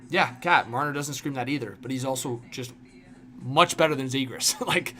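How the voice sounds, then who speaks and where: A young man hosts a casual hockey livestream, reading and answering chat in a rambling way packed with fillers and constant "like"s. He speaks at a moderate pace in a mid-range voice with a sharp tone.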